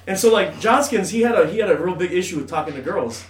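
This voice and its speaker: A man in his thirties telling a story on a podcast in an animated, profane way, laughing often. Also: sits high, fast talker. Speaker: podcast co-host. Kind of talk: casual storytelling. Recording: echoey room, a bit off-mic, faint hiss.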